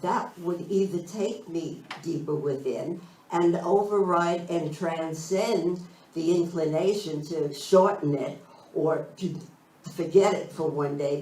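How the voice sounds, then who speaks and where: A woman minister giving a slow, thoughtful spiritual talk, searching for her phrasing as she goes. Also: fairly low pitch, mellow. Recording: roomy sound from a distant mic.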